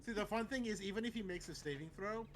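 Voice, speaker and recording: A man playing a tabletop game, animated as he describes what happens. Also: high-pitched, fast talker, a little hiss or hum. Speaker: player. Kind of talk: casual tabletop game chat.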